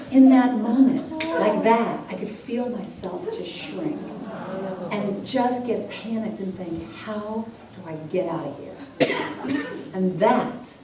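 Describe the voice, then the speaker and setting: A woman's voice: medium pitch, warm tone. A woman telling a personal story to a church congregation, acting out voices and laughing often as she speaks. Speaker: guest speaker and singer at a church service. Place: church hall with a live audience. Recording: echoey hall, heard from a distance, audible noise.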